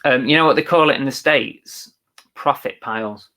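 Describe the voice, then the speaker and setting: A man's voice: mid-range voice, normal speed, sharp tone. A man co-hosting a live reselling show, chatting casually and reading out viewer comments. He talks in an agreeable, thinking-aloud way.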